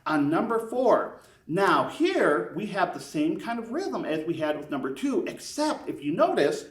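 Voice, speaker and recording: A man's voice: high voice, big pitch swings, measured pace. A man teaching beginners a brass lesson step by step, counting beats aloud and encouraging them. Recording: echoey room, mic at a distance.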